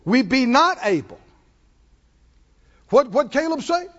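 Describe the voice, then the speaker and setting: Male preacher, high-pitched and animated, emphatic call-and-response, church hall reverb. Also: takes it slowly. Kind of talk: sermon. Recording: long hall reverb, dull lo-fi sound.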